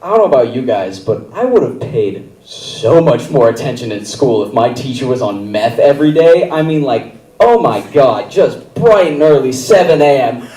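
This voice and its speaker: A man's voice: mid-range voice, big pitch swings, moderate pace, hardly any pauses, mellow, distant mic. A young man doing stand-up on a comedy theater stage, rambling casually through a story with lots of fillers. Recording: roomy theater sound from afar.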